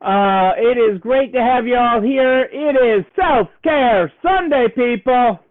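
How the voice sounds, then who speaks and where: A man with a very high-pitched voice speaks slowly while hosting a casual live stream for store owners, greeting viewers. He's upbeat and cheerleading, repeats his phrases, and playfully puts on a southern twang, all with a tinny, phone-like sound.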